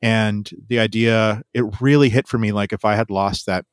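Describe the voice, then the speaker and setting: Low-voiced guy hosting a podcast, candid, laughs a lot, dry sound. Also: fairly even intonation, moderate pace, smooth, no room sound. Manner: candid, laughs often, rambling restarts. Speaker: podcast host. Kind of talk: casual chat.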